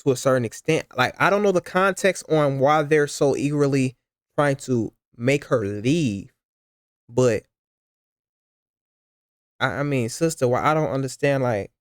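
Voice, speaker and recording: Halting man reacting to a story. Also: medium pitch, clear, resonant tone, dry recording, studio quality. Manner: halting, repeats words, addresses the storyteller as sister. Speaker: reaction commentator. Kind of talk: casual reaction commentary.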